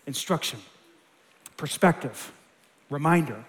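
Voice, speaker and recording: A male pastor with a high, bright-pitched voice delivers an impassioned sermon. He swings between hushed, earnest stretches and loud, rising emphasis, acting out short quoted voices. The sound carries a long reverb tail, as in a large church sanctuary. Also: animated, slow pace. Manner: impassioned, quoting scripture with acted asides.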